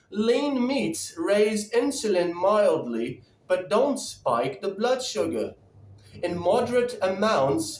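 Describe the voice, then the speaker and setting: A man putting on a mock British accent to read out a chatbot's answer in a slow, measured, mock-authoritative way. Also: high voice, full character voice. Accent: put-on British. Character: mock-posh British reader of a chatbot answer, male adult, prim. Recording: roomy echo, distant from mic.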